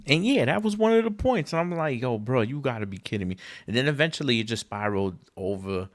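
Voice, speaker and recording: A man hosting a podcast in a casual solo monologue, with an emphatic, slangy, profane rant that jumps up in pitch when he gets exasperated. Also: lively intonation, fast talker. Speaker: podcast host.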